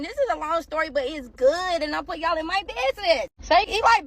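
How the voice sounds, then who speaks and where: A woman telling a long personal story in a casual, profane storytime vlog, swinging between low mumbles and loud outbursts. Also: expressive, fast talker, hardly any pauses.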